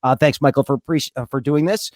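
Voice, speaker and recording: A man hosting a casual panel talk show from home, jokey and brisk as he runs the wrap-up. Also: mid-range voice, a little mellow, no room sound, clean studio sound. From Detroit area. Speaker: podcast host. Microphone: remote call from home.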